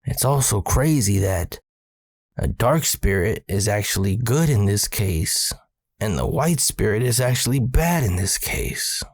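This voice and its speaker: A man voicing a calm, knowing medicine woman. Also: on the low side, measured pace, dry recording, studio quality. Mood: solemn.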